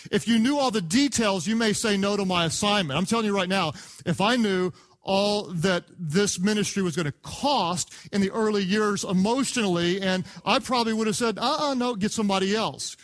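A man preaching a sermon, an animated storyteller who acts out the voices of the people in his stories. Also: high voice, moderate pace. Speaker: pastor. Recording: sermon clip played from archive.

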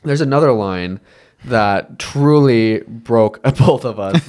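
A man's voice: medium pitch, slow pace, a little mellow. Male podcast co-host, casual film review chat, earnest, emotional, meandering. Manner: earnest, emotional, rambling with many fillers.

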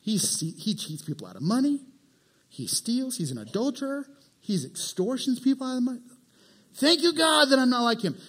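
A loud, self-righteous Pharisee who brags as he prays, his pitch climbing high, as a preacher puts him on. He preens and shows off, sure of his own goodness. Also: huge pitch swings, normal speed, breathy edge, heavily acted. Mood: boastful. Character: boastful self-righteous male Pharisee praying.

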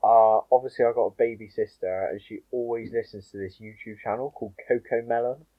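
A man's voice: on the low side, fairly even intonation, brisk, no room sound, highs cut off. A young British man co-hosting a casual podcast who pushes his ideas eagerly on the others. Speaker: podcast co-host. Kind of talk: casual chat.

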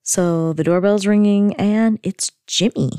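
A woman's voice: medium pitch, unhurried, dark tone, clear, resonant tone, no echo, studio quality. Chatty young woman recapping a sitcom. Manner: chatty, heavy on "like" fillers. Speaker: podcast host recapping a sitcom. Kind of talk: casual episode recap.

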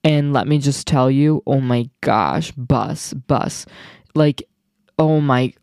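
A young man hosting his own podcast, chatting casually in an excitable, rambling way full of asides. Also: medium pitch, slow pace, smooth, dry recording, studio quality. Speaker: podcast host. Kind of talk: casual solo podcast chat.

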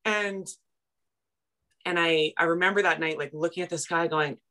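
A woman from Canada, a personal finance coach, telling her story in a casual interview, self-deprecating and animated. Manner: animated, self-deprecating, quick retellings with big pitch jumps in quoted moments.

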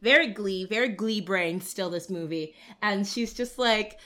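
A woman's voice: mid-range voice, measured pace, pushed and bright. A young woman co-hosting a casual movie review chat, opinionated and wry. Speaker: podcast co-host.

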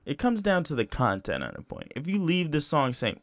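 A young man runs a solo podcast, rambling in a casual, profane manner and repeatedly saying "you know" and starting over. His voice is on the high side with huge pitch swings, a little fast and with few pauses. There's no room sound.

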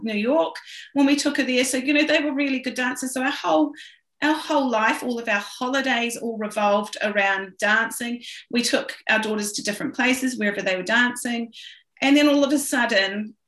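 Brief: middle-aged woman guest, earnest storyteller, higher bright voice, roomy recording. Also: normal speed. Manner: earnest, emotional, frequent restarts. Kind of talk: heartfelt personal storytelling. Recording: roomy echo.

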